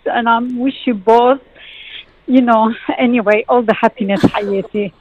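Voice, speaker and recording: A middle-aged woman calling in by phone, emotional and affectionate, speaking warmly. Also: a little high, fairly even intonation, unhurried, no room sound, phone-quality sound. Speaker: caller.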